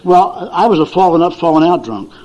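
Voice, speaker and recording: A man's voice: fairly high pitch, animated, brisk, darkish tone. An older man speaking at a recovery meeting, telling folksy, chuckling stories to an audience and acting out his family's voices. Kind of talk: storytelling talk to an audience. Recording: dull lo-fi recording.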